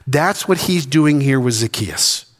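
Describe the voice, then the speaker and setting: A man's voice: mid-range voice, animated, a little slow. Man preaching in an echoing sanctuary. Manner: preaching with rising emphasis and repetition. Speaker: senior pastor. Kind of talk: sermon. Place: church sanctuary.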